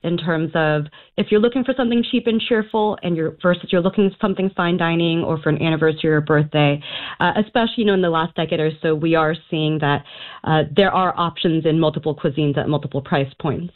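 A woman's voice: low-pitched, fast talker. A woman speaking as a guest on a radio interview over the phone, explaining in a knowledgeable way with frequent fillers. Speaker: food writer guest. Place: Auckland, New Zealand. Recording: tinny phone line.

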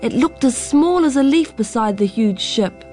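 A woman's voice: on the high side, animated, moderate pace, dark tone. Woman reading a story over music. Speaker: storybook reader. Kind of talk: scripted narration.

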